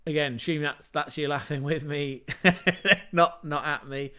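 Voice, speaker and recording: A man's voice: on the high side, steady tone, normal speed, fairly bright tone, smooth. A man hosting a casual football livestream, chatty and rambling, with self-mocking asides. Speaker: football podcast host.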